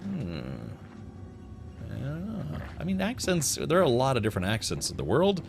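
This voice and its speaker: Lively, chatty male game streamer. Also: on the high side, moderate pace, music in the background. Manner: chatty, rambling, chuckling, joking with chat. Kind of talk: casual gameplay commentary.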